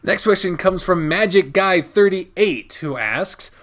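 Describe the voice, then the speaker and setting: Young male host, slightly high voice, relaxed and foul-mouthed, reading listener questions on a video call. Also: slow. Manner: laid-back and profane, laughs easily. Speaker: podcast host. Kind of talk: casual online interview.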